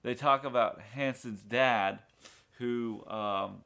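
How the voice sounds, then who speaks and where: Gravelly yet bright and forceful, this medium-pitched man takes it slowly as he casually recaps a TV pilot for a podcast. His retelling rambles with fillers, and he acts out dialogue from the show.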